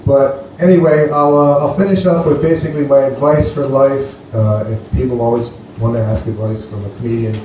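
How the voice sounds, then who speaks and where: A man from Greece performs a loose, rambling stand-up set, dry and playful as he talks to the crowd. His voice sits at an ordinary middle pitch. The sound is very echoey and distant, with room noise clearly present behind him. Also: fairly even intonation, brisk, hardly any pauses. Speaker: stand-up comedian. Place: comedy venue with a live audience. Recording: echoey live room, heard from afar.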